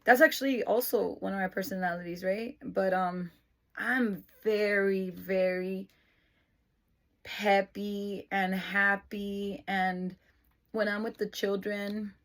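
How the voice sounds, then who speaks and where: Middle-aged mother, casual vlogger, unhurried and sincere, emotional edge. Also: medium pitch. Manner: emotional, earnest, lapses into excited praise voice. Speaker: mother of an autistic son. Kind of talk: casual explanatory vlog.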